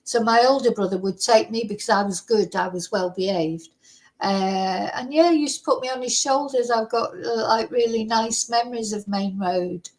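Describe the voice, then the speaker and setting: A woman's voice: a little high, moderate pace, darkish tone, rough recording. A middle-aged woman from Manchester with a Mancunian accent, chatting casually in a rambling way, full of fillers and small laughs. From Manchester, England. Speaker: vlogger. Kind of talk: casual chat.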